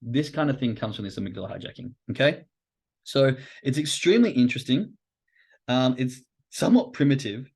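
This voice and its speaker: A man of middling pitch hosting a live trading-psychology stream. He is loose and animated, curses freely, and drops into quick acted-out inner voices as he explains. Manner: casual and animated, swears, acts out inner voices. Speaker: host.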